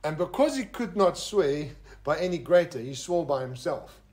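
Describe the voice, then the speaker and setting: A man's voice: on the high side, lively intonation, moderate pace, a little mellow. Joking South African man preaching. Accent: South African English. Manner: joking, conversational, with asides to the listeners. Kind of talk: informal sermon. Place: fellowship lounge.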